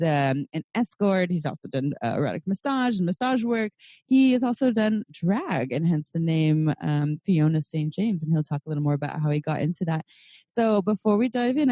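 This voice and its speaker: A woman's voice: fairly low pitch, darkish tone, no echo, clean studio sound. A woman hosting a podcast, giving upbeat, friendly introductions and reading a guest's bio. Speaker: podcast host.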